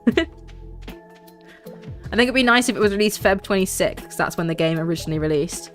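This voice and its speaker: A woman's voice: medium pitch, expressive, brisk, soft background music. A young woman, streaming a game and chatting casually in a rambling way, full of fillers. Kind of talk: casual gaming stream chat.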